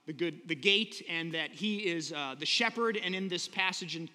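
A man's voice: on the high side, moderate pace, sharp tone, big-room sound. A man preaching a sermon in a conversational, earnest way, often asking the listeners rhetorical questions. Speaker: pastor.

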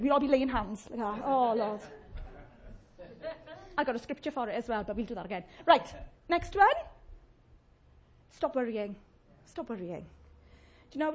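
Lively, jokey woman preacher. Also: sits high. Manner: chatty, jokey, acts out complaining voices. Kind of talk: humorous sermon.

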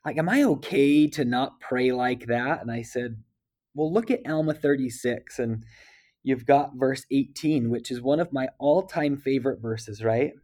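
A man speaking as a guest, earnestly and emotionally, with halting restarts as he reflects on scripture and tells a personal story. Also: mid-range voice, darkish tone. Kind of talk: heartfelt scripture discussion.

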